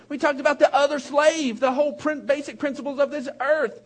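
High-voiced, animated preaching man. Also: a little fast, few pauses. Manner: animated, emphatic preaching with bursts of shouting and laughter; rambling asides with many restarts. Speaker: pastor. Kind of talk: sermon.

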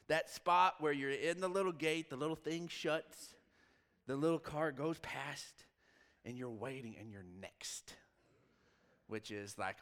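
A man in his forties, a pastor telling a long personal story in a sermon, shifting from lively quoted dialogue to hushed asides. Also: mid-range voice, smooth. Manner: storytelling, animated with quoted dialogue and sudden drops to quiet. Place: church sanctuary. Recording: long reverb of a large church hall.

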